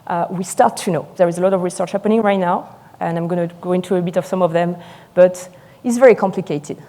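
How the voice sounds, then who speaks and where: A French-accented woman in her forties gives a live lecture, her words tumbling out quickly with eager excitement. Her voice is mellow and warm rather than bright. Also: on the low side. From France. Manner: fast, excited, talkative. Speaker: sommelier lecturer.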